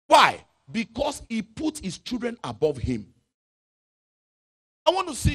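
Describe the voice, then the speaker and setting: A male pastor from Nigeria preaching a sermon, chanting scripture and swinging from loud shouts to low asides. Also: wildly swooping pitch, a little slow, long pauses, husky. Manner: reads scripture aloud in a chanting, sung tone.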